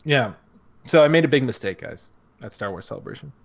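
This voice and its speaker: A man's voice: mid-range voice, animated, fairly quick, gravelly. A man co-hosting a fan podcast, telling rambling, self-mocking stories in casual chat. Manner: rambling storyteller, laughs at himself. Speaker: podcast co-host.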